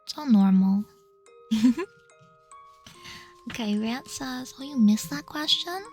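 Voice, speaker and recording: A woman streaming ASMR, speaking very close to the mic, whispering soft and doting reassurance and reading chat questions aloud. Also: fairly high pitch, lively intonation, slow pace, soft background music.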